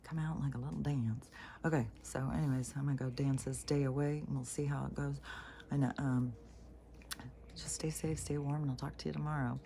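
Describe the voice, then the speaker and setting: A woman rants bluntly at home with a gravelly, warm, mellow voice, swearing freely and often sinking to a near-whisper. A faint background noise sits under her voice. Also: rumbling low, steady tone, a little fast. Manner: blunt and heavily profane. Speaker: vlogger. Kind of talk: casual rambling rant to camera. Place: at home by a wood fire.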